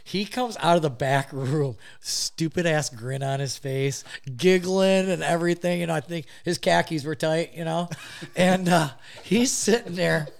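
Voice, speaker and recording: Gravelly man telling a rowdy story. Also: on the high side. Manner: animated, laughs often while telling. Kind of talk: casual chat, telling a story.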